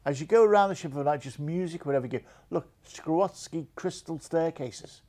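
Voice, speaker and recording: A man's voice: fairly high pitch, brisk, mellow. A man hosting a TV cruise deals show, talking in an enthusiastic, salesy, chatty way full of "you know" fillers.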